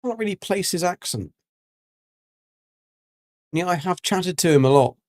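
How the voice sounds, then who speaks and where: A man's voice: high voice, lively intonation, a little slow, darkish tone, no room sound, studio quality. Rambling man chatting on stream. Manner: rambling and chatty, with many ums and restarts. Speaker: livestreaming gamer. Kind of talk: casual livestream chat while gaming.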